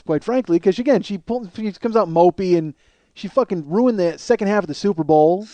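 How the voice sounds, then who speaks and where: A man's voice: sits high, a little fast, dark tone, no room sound, highs cut off. A man in his forties hosting a comedy podcast, telling a long story in a rambling, profane way that builds into indignant rants. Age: 40s. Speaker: podcast host.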